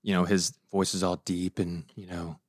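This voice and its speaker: A man's voice: low voice, flat delivery, moderate pace, husky, no echo, studio quality. A man co-hosting a podcast, teasing and blunt, asking pointed questions. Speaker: podcast co-host.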